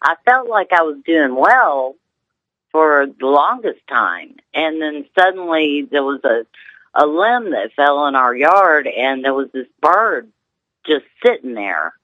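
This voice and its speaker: A woman's voice: low-pitched, expressive, slow, dry recording, dull audio. A woman from Georgia calling into a radio show, hesitant and emotional, often restarting her sentences. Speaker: radio caller. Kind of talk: call-in radio question.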